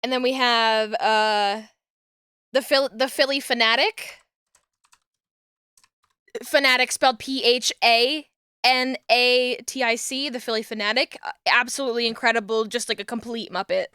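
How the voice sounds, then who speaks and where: A young woman streamer, chatting casually and rambling, with bursts of excited yelling. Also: on the high side, normal speed, clean tone, no echo, clean studio sound. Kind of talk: casual livestream chat while crafting.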